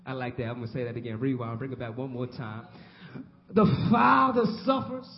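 A man's voice: mid-range voice, animated, brisk. A man preaching a sermon. He repeats lines for emphasis and calls on the congregation to respond. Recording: dull lo-fi recording.

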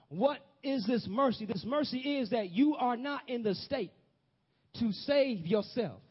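Man preaching, very high voice, husky, dull lo-fi recording. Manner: call-and-response preaching, rising to shouts. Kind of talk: sermon.

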